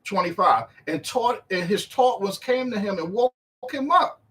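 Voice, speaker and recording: A man teaching through a Bible chapter verse by verse in a casual, animated way, acting out the speakers in the text. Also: moderate pace. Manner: animated, acts out the disciples' and Yahshua's words in a higher voice; conversational, uses slang while reading verse by verse.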